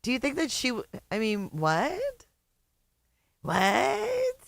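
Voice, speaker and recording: A woman's voice: fairly high pitch, huge pitch swings, moderate pace, no room sound. A woman hosting a livestream, reacting to clips with sarcasm and frequent laughter. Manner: amused, sarcastic, laughs often. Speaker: host.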